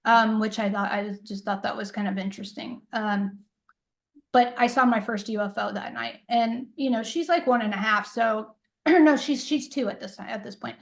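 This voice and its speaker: On a low-quality recording, a middle-aged woman with a fairly high, gravelly voice speaks at a normal speed. She's an intuitive coach being interviewed casually, telling a personal story in a rambling, filler-heavy way and voicing other people's dialogue.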